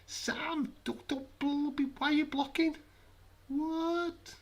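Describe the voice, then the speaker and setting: A man squeaking as a whiny pleading guy. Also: flat delivery, takes it slowly, heavily acted.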